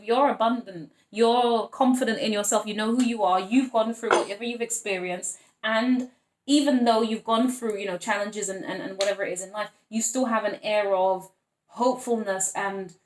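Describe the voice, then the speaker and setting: A woman's voice: mid-range voice, roomy sound, slight background noise. A woman giving a casual tarot reading, chatty and blunt, swearing freely as she talks to her viewers. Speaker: tarot reader.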